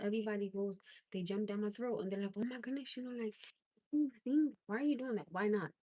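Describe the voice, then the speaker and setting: This is a casual livestream rant from a female host whose voice is mid-range and dark, recorded with no room sound. She's blunt and exasperated, stressing her words as her disbelief mounts.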